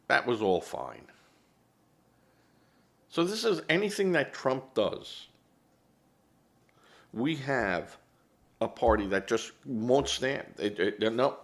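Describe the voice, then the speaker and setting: A man's voice: mid-range voice, big pitch swings, slow, pauses often. A man giving opinionated political commentary as host, rambling and hesitant, often correcting himself.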